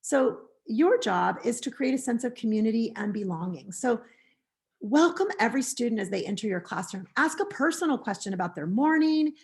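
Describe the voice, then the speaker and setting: An American woman presenting a teaching webinar, gently and earnestly contrasting harsh phrases with supportive ones. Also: a little high, animated, moderate pace, vocal fry. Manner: gentle, earnest, reads example phrases aloud. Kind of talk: recorded webinar lecture.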